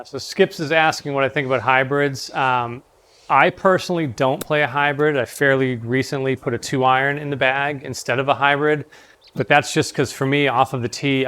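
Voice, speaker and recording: A man with a mid-pitched voice hosts a golf stream in an easygoing way. He chats and answers viewer questions plainly. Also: fairly bright tone, smooth. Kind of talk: casual chat and viewer Q&A.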